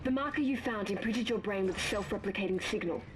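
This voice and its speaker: Brief: actress as an Australian woman on comms, urgent and steady, with game noise behind her. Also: mid-range voice, fast talker, lightly acted. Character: calm woman guiding over comms.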